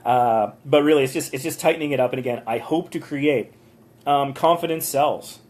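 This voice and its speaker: Man, casual livestream host, rambling and chatty, medium pitch, phone mic in a motel room. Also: moderate pace, darkish tone. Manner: chatty, rambling, with frequent ums and small rants. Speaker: host reviewing viewers' channels. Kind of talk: casual live-stream commentary.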